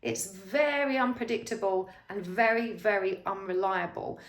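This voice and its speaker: A woman reads tarot for her viewers and talks straight to them, earnest and reassuring, at a middling pitch. Her voice carries a noticeable echo, as if she is recording in a bare room. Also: normal speed. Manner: earnest, reassuring advice, speaks straight to the listener. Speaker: tarot reader. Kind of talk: pick-a-card tarot reading, direct address to viewer.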